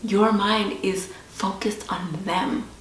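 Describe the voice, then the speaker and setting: A woman host sharing a personal story in a slow, reflective, confessional way. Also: medium pitch, fairly even intonation. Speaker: podcast host. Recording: roomy echo with faint background hiss.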